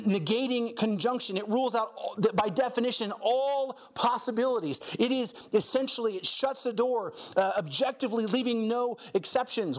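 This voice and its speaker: Emphatic high-voiced male preacher. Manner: emphatic, repeats key phrases. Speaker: pastor. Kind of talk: sermon.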